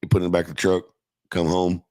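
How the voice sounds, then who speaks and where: Middle-aged guy with a real low voice, cussing and laughing through an old story, dry mic. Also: completely flat delivery, quick pace, darkish tone, dry recording. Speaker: podcast guest. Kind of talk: casual storytelling.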